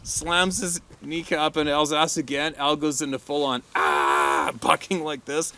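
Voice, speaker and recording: A man's voice: on the high side, normal speed. A middle-aged man, a hunting guide, telling a crude story casually and laughing often. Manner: laughs often, crude and animated when quoting.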